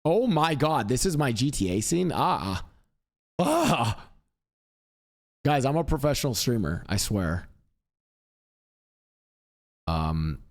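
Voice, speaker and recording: Guy streamer rambling to chat, upbeat, kinda self-mocking, mid pitch. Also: very animated, takes it slowly, long pauses. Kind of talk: casual chat.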